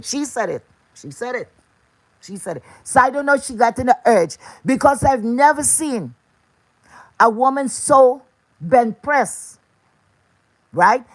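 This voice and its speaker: A woman's voice: on the high side, dry recording. A woman delivering an angry, profane, confrontational rant to camera.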